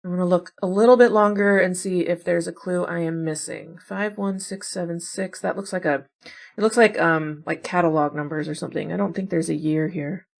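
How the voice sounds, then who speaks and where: A woman talks her way through guessing games, musing aloud in a relaxed, chatty way. Her voice sits on the lower side, and she drops in wry remarks about herself as she goes. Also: fairly quick, gravelly. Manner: chatty, wondering aloud, self-deprecating asides. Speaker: puzzle game streamer. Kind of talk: casual think-aloud commentary.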